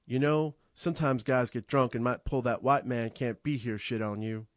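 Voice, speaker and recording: A man voicing the host's easygoing hired man, who talks in a relaxed, colloquial way. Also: mid-range voice, moderate pace, no room sound, clean studio sound, lightly acted. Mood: reassuring. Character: plain-spoken man working for the host.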